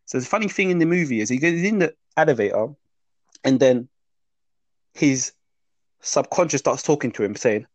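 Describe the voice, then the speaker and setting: A man's voice: mid-range voice, moderate pace, pauses often, no room sound. A man teaching about the inner voice in an interview, explaining patiently and often checking in with "yeah?". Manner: explanatory, checks in with "yeah?" and "does that make sense?". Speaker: mindset teacher.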